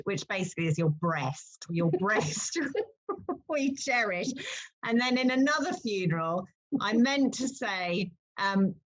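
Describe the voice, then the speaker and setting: Lively low-voiced woman storyteller. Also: dull audio. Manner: lively, animated storyteller who laughs at herself. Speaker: funeral celebrant, interview guest. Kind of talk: conversational interview.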